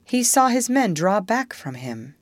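A woman narrating a storybook in an expressive, measured reading. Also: mid-range voice, no echo.

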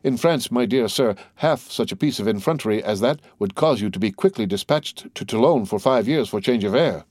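A man's voice: mid-range voice, expressive, fairly quick, few pauses, darkish tone, no room sound, close to an everyday voice. A man doing an anxious, fawning young schemer. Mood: sly. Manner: ingratiating, anxious. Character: eager scheming young man posing as son.

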